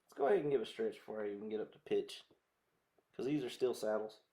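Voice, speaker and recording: A man's voice: lowish voice, quick pace, mellow. A man with a Southern American accent chatting in a rambling way to viewers while he restrings a guitar. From southern United States. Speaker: guitar vlogger.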